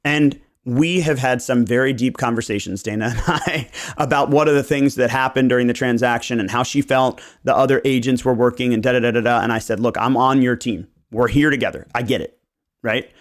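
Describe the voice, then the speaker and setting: Man, podcast host; animated, profane storyteller who mimics clients. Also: medium pitch, fairly quick. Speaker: real estate agent and podcast host. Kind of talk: casual podcast chat.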